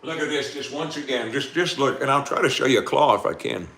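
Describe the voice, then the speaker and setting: A man's voice: mid-range voice, brisk, fairly bright tone. A man hosting a casual live stream, laughing often and talking straight to his chat. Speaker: livestream host.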